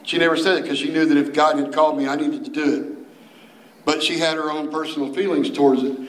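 A male youth minister preaches in a folksy, animated way and slips into playful voices while he tells the story. His voice sits a little high. The recording has the echo of a roomy space. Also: quick pace. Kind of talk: sermon.

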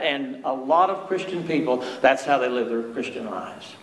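A man's voice: mid-range voice, normal speed, few pauses. A man preaching a sermon to his church, reading scripture aloud with emphatic stress and restarting often. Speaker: pastor.

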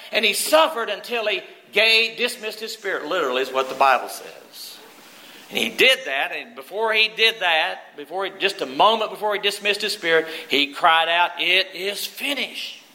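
A man's voice: sits high, sharp tone, poor audio. A middle-aged man preaching a sermon as pastor, earnest and full of questions to the congregation. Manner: earnest, asks many questions.

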